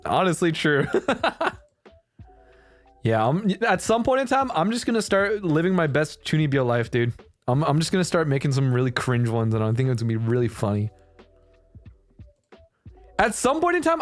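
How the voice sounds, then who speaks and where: A young man chatting casually on a livestream. He laughs often and swears freely. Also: mid-range voice. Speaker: streamer.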